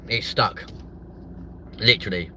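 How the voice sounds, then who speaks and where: A young man hosting a live comedy stream from a car, sweary and mocking, jumping from loud outbursts to muttered asides. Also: fairly low pitch, a little slow, slight background noise. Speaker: host of a live stream show. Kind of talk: crude comedic live chat.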